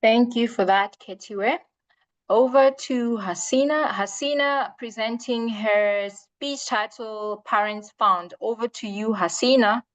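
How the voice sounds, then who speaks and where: A woman's voice: fairly high pitch, slow pace, no echo, poor audio. A woman chairing a meeting, politely thanking a speaker and introducing the next one. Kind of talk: formal introduction.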